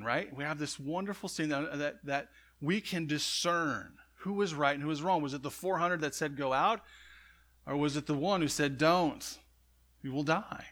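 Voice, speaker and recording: Male preacher, slightly higher pitch, bright and forceful tone, chatty sermon delivery peppered with asides. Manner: conversational, frequent "right?" asides. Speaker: pastor.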